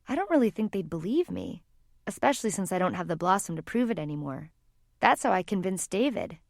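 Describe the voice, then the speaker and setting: A woman's voice: on the low side, sing-song, fairly quick, vocal fry, no room sound, studio quality. A woman voicing a shy, curious teenage girl in an audiobook, speaking hesitantly. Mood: defensive. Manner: hesitant, slightly nervous speech. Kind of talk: audiobook character reading.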